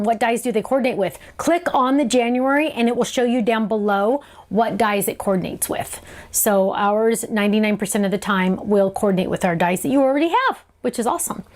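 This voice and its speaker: A woman's voice: mid-range voice, a little mellow. A woman hosting a live craft show, answering viewer questions in a chatty, bubbly way and laughing often. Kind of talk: live stream Q&A chat.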